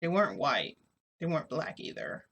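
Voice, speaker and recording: A woman's voice: low voice, sing-song, normal speed, fairly bright tone, slightly rough. A woman vlogger casually retelling a story in a rambling way, full of fillers. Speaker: shifting vlogger.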